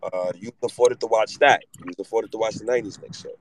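A man's voice: lowish voice, steady tone, fast talker, slight background noise, poor audio. A man in his thirties, hosting a casual sports talk show and ranting with lots of profanity. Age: 30s. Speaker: host.

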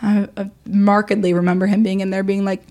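A woman's voice: mid-range voice, flat delivery, brisk, a little mellow. A young woman co-hosting a podcast, telling a story in breezy casual chat full of "like". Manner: breezy storytelling, heavy use of like. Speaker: podcast co-host.

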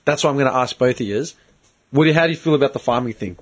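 A man's voice: mid-range voice, very fast. A man, ranting bluntly and swearing in a casual chat as host.

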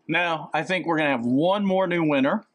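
A man's voice: fairly high pitch, normal speed. A man with a Southern US accent co-hosting a podcast, chatting casually with a teasing, jokey manner. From American South. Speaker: podcast co-host. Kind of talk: casual chat.

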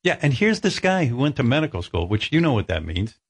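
A man's voice: mid-range voice, sing-song, fairly quick, gravelly, husky, no room sound. A man hosting a talk radio show, blunt, emphatic and sarcastic. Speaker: radio host.

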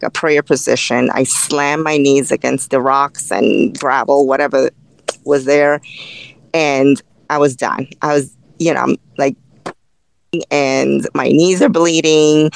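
A woman telling a long race story in a podcast interview, animated and full of fillers, acting out what people said to her. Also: low-pitched, vocal fry, clear, resonant tone, no room sound, poor audio. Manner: animated, tells the story through quoted dialogue with many fillers. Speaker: race director and ultrarunner guest.

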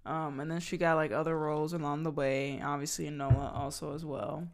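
A young woman co-hosting a casual podcast, chatty, full of fillers and quick laughs. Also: deep voice, flat delivery. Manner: chatty, laughs often, many fillers and restarts. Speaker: podcast co-host. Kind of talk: casual chat.

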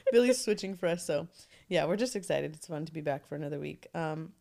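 A young woman co-hosting a casual podcast while nine months pregnant, chatty and quick to laugh. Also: deep voice, expressive, vocal fry, warm tone. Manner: giggly, chatty, lots of fillers. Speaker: podcast co-host. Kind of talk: casual chat.

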